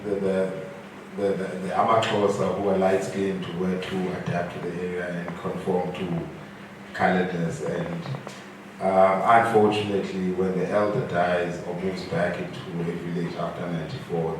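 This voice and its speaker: A man's voice: low-pitched, flat delivery, moderate pace. A man in the audience commenting hesitantly, often repeating words as he searches for them. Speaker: audience member. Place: event hall. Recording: echoey hall from far off, some noise.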